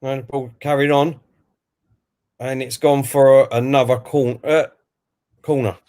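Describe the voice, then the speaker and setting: A man with a medium-pitched, dark voice speaks flatly and without hurry as he co-hosts a football watch-along stream. He gives live commentary in a chatty way, reading out viewer messages from the chat before offering his own take.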